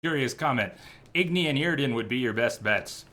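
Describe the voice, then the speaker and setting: Animated man thinking aloud over a game. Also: mid-range voice, moderate pace, a little hiss or hum. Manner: animated, thinking aloud, sudden loud outbursts. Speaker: gameplay streamer. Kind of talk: casual gameplay commentary.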